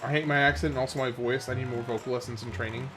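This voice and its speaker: A man's voice: mid-range voice, steady tone, rapid-fire, over music. Chuckling Oklahoman man on a headset. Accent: Oklahoman Southern. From Oklahoma, USA. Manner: laid-back, chuckling often, answers chat. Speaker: game streamer. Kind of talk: casual live-stream chat while playing.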